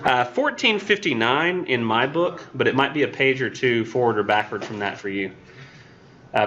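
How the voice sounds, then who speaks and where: A man's voice: mid-range voice, a bit bright, dull audio, a little hiss or hum. A man teaching a college English class in a casual, chatty way, with wry sarcastic asides.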